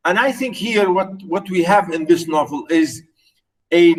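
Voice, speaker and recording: A man whose first language is Arabic lecturing on literature, explaining slowly with repeated words and many fillers. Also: high voice, lively intonation, far from the mic, rough recording. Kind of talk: recorded lecture.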